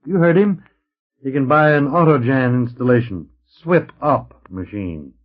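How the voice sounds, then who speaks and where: A man's voice: medium pitch, lively intonation, a little slow, pitched above the performer's own voice. A man voicing a weary old male actor who talks in a wry, theatrical way, heard on a dull old recording.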